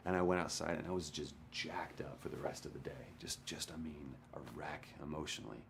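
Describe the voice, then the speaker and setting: A middle-aged actor recounting a story in a documentary interview, candid and animated, acting out quotes. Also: male voice, very deep voice, brisk, vocal fry, noisy background. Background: documentary music.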